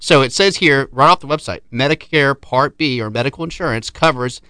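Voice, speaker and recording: A man's voice: medium pitch, fairly quick, bright, forceful tone, clean tone, dry recording. A man hosting a casual interview, upbeat and chatty, explaining insurance coverage. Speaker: podcast host, insurance agent.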